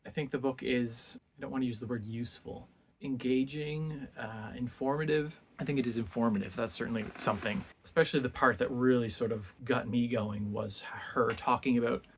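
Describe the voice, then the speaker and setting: A man talking through a book review in a casual vlog, reflective and halting, often restarting his sentences as he searches for words. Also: medium pitch, steady tone, a little hiss or hum.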